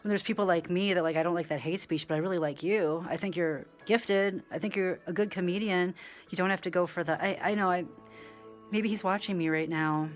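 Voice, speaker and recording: A woman vlogging in a rambling monologue, full of "like" and side tracks, swinging between loud animated bursts and quiet asides. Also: on the low side, a little fast, soft background music. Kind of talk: rambling direct-to-camera monologue.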